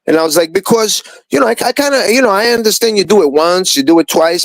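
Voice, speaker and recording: Profane, ranting man on a stream call, animated swings, dry close sound. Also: high-pitched, fast talker, few pauses, no room sound, poor audio. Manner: profane, ranting, repeats himself. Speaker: stream participant. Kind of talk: heated live-stream chat.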